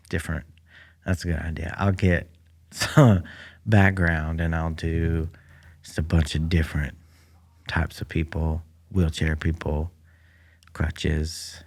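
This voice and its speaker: Alone in a public library room, a podcast host delivers a casual comedic monologue in a deep, raspy voice with vocal fry. He meanders dryly, leaning heavily on fillers, and his studio mic catches the room's sound.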